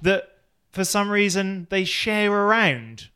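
A man with a bright, crisp voice jokes around in a casual chat. He cuts in quickly and keeps the banter going. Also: high-pitched, lively intonation. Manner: joking, quick to interject.

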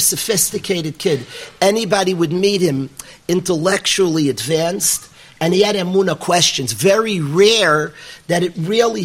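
A man's voice: sits high, fairly bright tone, slightly rough. A man giving a sermon to a live audience, telling a story in an earnest, emphatic way with lots of repeated phrases. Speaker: rabbi teaching yeshiva students.

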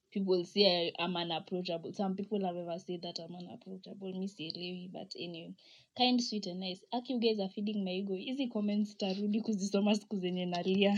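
A woman's voice: mid-range voice, lo-fi sound. Chatty Kenyan woman, laughing often. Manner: chatty, laughs often, mixes Swahili slang into English. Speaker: podcast host. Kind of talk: casual chat reading listener comments.

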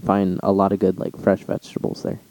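A man's voice: low voice, completely flat delivery, brisk, darkish tone, no echo, low-quality recording. A man co-hosting a podcast in casual chat, laid-back, asking short questions and swearing casually. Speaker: podcast co-host.

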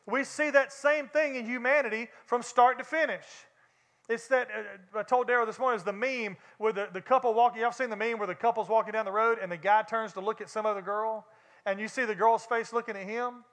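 Bright high-voiced Southern preacher. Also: male voice, steady tone, brisk. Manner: conversational preaching, addresses congregation directly. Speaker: pastor. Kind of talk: sermon.

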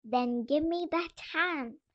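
A sly, skinny black cat, voiced by a woman, purring and hissing its words in a storybook tale. It talks slowly in a high voice. The sound is dull and lo-fi. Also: no room sound. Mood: coaxing. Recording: dull lo-fi voice message.

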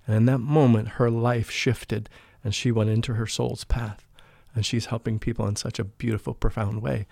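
A man talking as a guest in an interview, telling a personal spiritual story in an earnest, emotional way. He often drops into a hushed voice when he quotes people. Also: mid-range voice, little pitch movement, moderate pace, creaky, hardly any pauses, dry recording, studio quality. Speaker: podcast guest, spiritual life coach.

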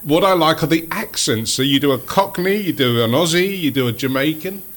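A man hosting an interview show, animated and quick to laugh. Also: on the high side. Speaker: host.

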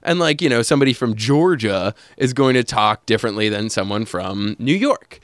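A man's voice: medium pitch, expressive, normal speed, dry recording. Casual podcast host, man, talks on the fly, dry close mic. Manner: rambling, with frequent fillers and laughs. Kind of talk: casual chat.

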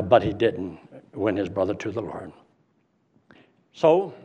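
Husky man preaching through a story. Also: medium pitch, dull audio. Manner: animated storyteller acting out dialogue. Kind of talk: sermon storytelling.

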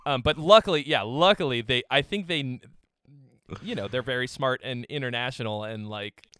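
A man's voice: medium pitch, moderate pace, bright, forceful tone. A man from Massachusetts in profane, joking casual chat. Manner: profane, joking, mimics people.

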